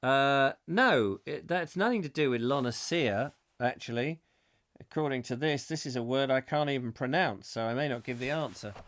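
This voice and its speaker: A man's voice: medium pitch, moderate pace, a bit bright. A middle-aged man hosting a live comic chat show, reading out viewer comments with playful, rambling jokey asides.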